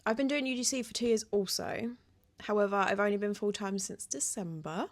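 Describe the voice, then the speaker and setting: A woman's voice: mid-range voice, fairly quick. A young woman co-hosting a podcast in casual chat, easygoing with a dry, teasing humour. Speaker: podcast co-host.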